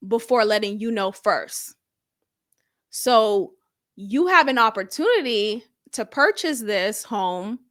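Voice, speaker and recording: A woman recapping a TV episode in a casual, animated way, repeating lines for emphasis and using slang. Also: fairly high pitch. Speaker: TV show reviewer.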